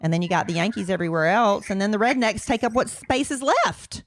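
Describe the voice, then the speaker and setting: A woman's voice: mid-range voice, lively intonation, a little fast, dry recording. A woman from South Carolina co-hosting a podcast, chatting casually and rambling as she searches for words. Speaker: podcast co-host. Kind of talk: casual chat.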